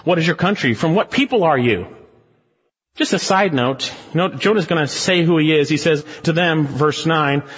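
Man preaching emphatically with rhetorical questions; raised, husky voice; muffled sanctuary recording. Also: on the high side, normal speed, fairly bright tone, in a large hall. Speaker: pastor. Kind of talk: expository sermon.

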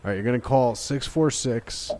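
A man hosting a radio show, loud and excitable, giving bossy instructions to a caller. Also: medium pitch, moderate pace. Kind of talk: casual radio banter.

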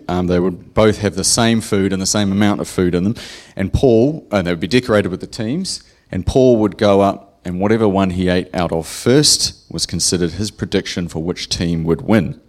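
Low-voiced New preacher, chatty. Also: male voice, moderate pace, hardly any pauses, darkish tone. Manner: joking, chatty, asks the audience questions. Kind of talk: casual sermon to a congregation. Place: church hall with congregation.

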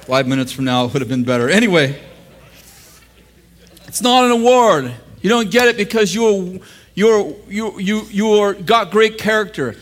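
An American pastor with a high-pitched voice, speaking at normal speed, preaches a teaching sermon in a church. He jokes with the congregation and laughs at his own lines.

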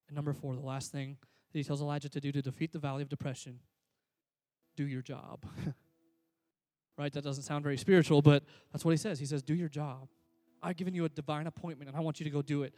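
A pastor preaching a sermon, swinging from loud, emphatic calls to soft, near-whispered passages. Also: male voice, a little high, fairly even intonation, moderate pace, dry recording.

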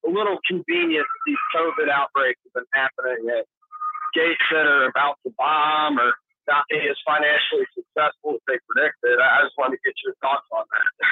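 A man's voice: a little high, brisk. A man calling into a live show from work, speaking casually and hesitantly, with plenty of fillers. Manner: relaxed, hesitant, with many fillers. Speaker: caller. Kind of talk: casual phone-in chat. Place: noisy factory at work. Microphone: Bluetooth headset on a phone line. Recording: tinny, narrow phone line.

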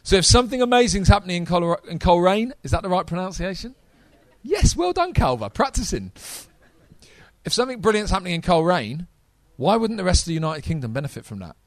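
A man preaching a sermon to a live congregation, energetic and talking straight to the audience. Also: high-pitched, very fast, few pauses, no room sound.

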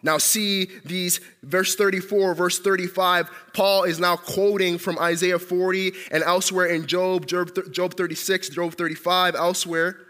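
A man preaching a sermon as pastor, animated, calling out questions for listeners at home to answer. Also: high voice, measured pace, hardly any pauses, long reverb tail.

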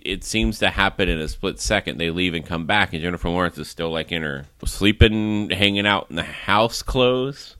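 Low-voiced man rambling through a recap. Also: no echo. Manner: rambling, animated plot recap with frequent "like" and laughs. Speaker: podcast host. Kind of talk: casual movie review.

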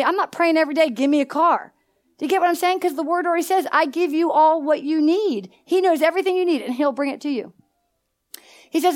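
A woman with a high voice preaches to a conference of pastors. She keeps leaving gaps for the congregation to fill in and breaks into personal stories in a lively, conversational way. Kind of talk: sermon. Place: church hall.

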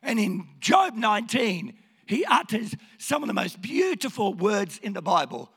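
A man preaching a sermon with a hoarse, croaky voice, swinging from hushed to shouting. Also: high voice, big pitch swings, a little slow, long reverb tail. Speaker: pastor.

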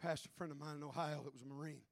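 A man preaching a Pentecostal sermon, shouting his points with rising fervor and then dropping low to tell a story. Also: fairly even intonation, racing, no room sound. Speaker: pastor.

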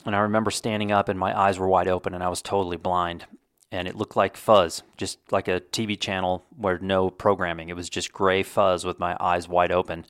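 Wry, low-voiced man hosting a solo podcast. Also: level tone, a little fast, fairly bright tone, no echo, studio quality. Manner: rambling, wry self-deprecating humor. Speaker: podcast host. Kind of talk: casual solo podcast monologue.

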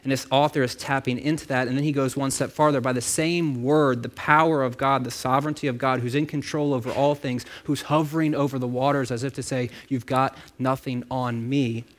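A man's voice: medium pitch, fairly even intonation, fairly quick, hardly any pauses. A man preaching a sermon in a casual, conversational way, with frequent asides and repeated words. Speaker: pastor.

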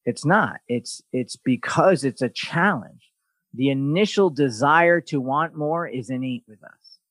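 Blunt, profane, and animated, a podcast host tells stories during casual conversation, frequently mocking things with sarcasm. His voice is medium-pitched and his pace measured, in a dry recording.

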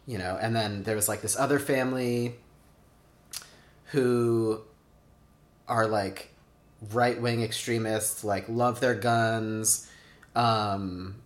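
A fairly low-pitched man in his thirties, his intonation fairly even, takes it slowly with long pauses as he casually tells personal stories for an oral history. He often says "like" and acts out quotes, recorded with roomy echo.

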